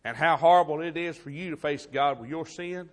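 A man's voice: a little high, a little fast. Fiery preacher man. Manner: impassioned, swings from shouting to hushed storytelling. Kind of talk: fiery revival sermon.

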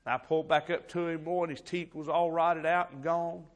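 A man preaching an impassioned sermon, moving between loud exhortation and quiet, heavy storytelling. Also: a little high, level tone, normal speed. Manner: impassioned, swings from shouting to hushed storytelling. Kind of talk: fiery revival sermon.

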